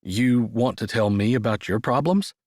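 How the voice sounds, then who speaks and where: A man voicing a gentle, grieving reclusive uncle. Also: mid-range voice, dry recording, studio quality, close to an everyday voice. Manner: halting, gentle, emotional.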